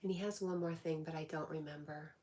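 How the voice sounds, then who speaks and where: A woman with a low, mellow voice hosts a casual livestream, speaking briskly in a steady tone. She reads viewer comments aloud and answers them in a chatty way.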